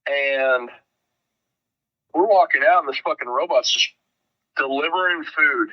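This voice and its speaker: A man's voice: mid-range voice, a little slow. A man telling a rambling, profane road story as a guest in a casual podcast chat. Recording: dull lo-fi sound.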